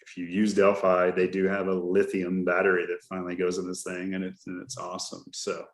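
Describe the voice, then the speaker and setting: A man's voice: low-pitched, monotone, a little fast. A middle-aged man hosting a podcast, talking in a loose, jokey way and spinning stories as he goes. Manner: chatty storyteller, jokey and loose. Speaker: podcast host. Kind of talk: casual chat. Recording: roomy echo.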